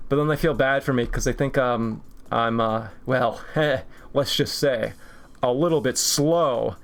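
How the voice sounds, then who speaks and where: Unhurried and steady-toned, this twenty-something streamer talks in a mid-range voice while drawing. His casual chat wanders through jokey tangents, punctuated by frequent laughter.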